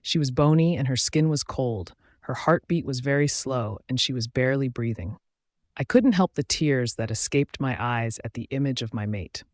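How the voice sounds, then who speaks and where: Male audiobook narrator, mid-pitched, steady, close and dry. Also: moderate pace, no room sound.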